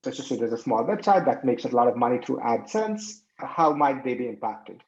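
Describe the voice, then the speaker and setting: A man's voice: medium pitch, expressive, brisk, darkish tone. A man hosting an interview podcast, asking brief, plain questions. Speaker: podcast host. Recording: echoey room, dull lo-fi sound.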